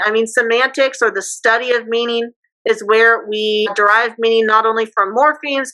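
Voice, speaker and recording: Bright, chatty woman teacher. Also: a little high, poor audio. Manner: casual, chatty, acts out example phrases. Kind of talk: classroom lecture.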